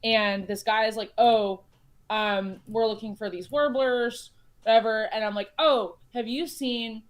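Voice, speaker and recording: A woman's voice: a little high, fairly even intonation, a little slow. A woman from Chicago, a guest in a casual chat, telling long rambling stories with lots of fillers and restarts. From United States (Chicago). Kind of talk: casual chat while playing a board game.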